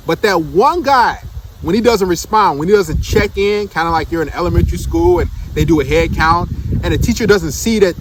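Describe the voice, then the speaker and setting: A man's voice: sits high, expressive, moderate pace, slight background noise. A man giving blunt, emphatic dating commentary in a casual monologue, full of rhetorical questions.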